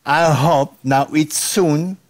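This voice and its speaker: A man's voice: a little high, steady tone, slow pace. A man with a French accent telling a comic anecdote in broken English, laughing through his own punchlines as a guest impressionist.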